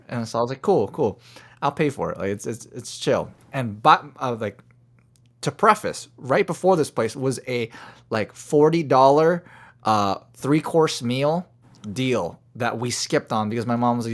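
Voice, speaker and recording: A man with a slightly high voice co-hosts a laid-back podcast. He tells his story with energy, dropping to a low mumble and then bursting out loudly. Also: a little fast. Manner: animated storyteller, swings from low mumbling to loud outbursts. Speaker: podcast co-host. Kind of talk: casual chat.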